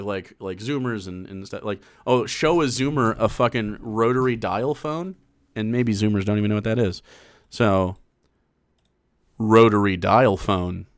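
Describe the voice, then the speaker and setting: A man streaming political commentary, talking casually with rambling restarts, fillers and swearing. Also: fairly low pitch. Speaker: streamer reacting to a clip.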